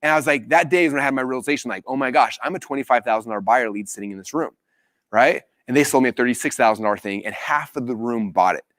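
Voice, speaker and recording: A man hosting a live business training, telling a story with animated acted-out quotes. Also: fast talker, dry recording, clean studio sound. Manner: animated storytelling, acts out quotes with big pitch jumps.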